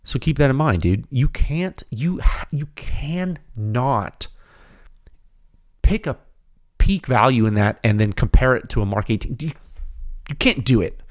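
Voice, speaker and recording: A man hosting a technical podcast, talking in an emphatic, animated way and often calling listeners dude. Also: mid-range voice, moderate pace, no room sound, clean studio sound. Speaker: podcast host. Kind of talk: excited technical podcast talk.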